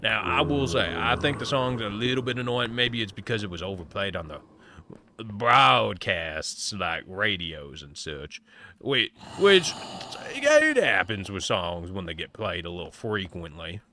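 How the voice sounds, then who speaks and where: A low-voiced man from Ohio leans into a folksy put-on Southern cowboy drawl while chatting on a live game stream. His voice is a little scratchy and polite in tone. A steady hiss of noise sits under the stream audio. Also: unhurried. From Ohio, USA. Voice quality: slightly scratchy voice. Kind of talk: live gaming stream chat in cowboy role-play.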